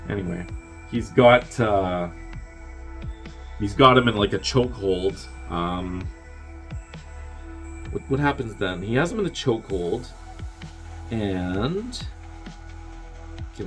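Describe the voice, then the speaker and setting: A fairly low-pitched man hosts a podcast and talks through a movie's plot in a loose, rambling way. He keeps it offhand and breaks into quick character impressions. Faint music sits under his voice. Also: very animated, fairly bright tone. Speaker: podcast host. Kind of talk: casual movie recap.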